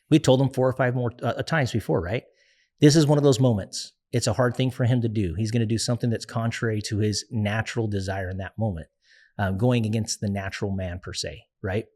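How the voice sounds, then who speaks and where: A man's voice: medium pitch, darkish tone. A middle-aged man speaking earnestly as an interview guest, telling stories and acting out quoted dialogue. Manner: earnest storyteller, acts out quoted family dialogue. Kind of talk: interview conversation.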